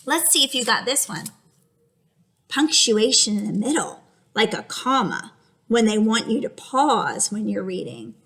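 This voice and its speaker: A woman teacher giving an animated reading lesson to young children, using an exaggerated, expressive voice. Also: a little high, unhurried.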